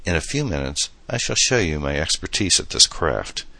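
A man's voice: very deep voice, very animated, normal speed, creaky, bright, forceful tone, no echo, full character voice. A man playing a playful, boastful young man who jokes with his date, in a storybook reading. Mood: joking. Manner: playful, mock-grand.

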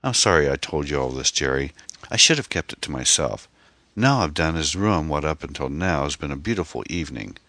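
A man's voice: very deep voice, expressive, fairly quick, bright, forceful tone, dry recording, full character voice. A man voicing a frightened, anxious middle-aged divorced mother in an audiobook, with a pleading manner. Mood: grateful. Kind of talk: audiobook character voice.

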